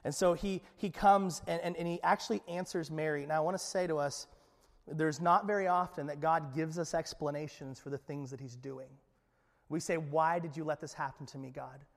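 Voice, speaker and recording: A man preaching a sermon in an animated, conversational way, acting out voices from the Bible story and often repeating his words. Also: a little high, moderate pace, vocal fry. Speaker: pastor. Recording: long church hall reverb.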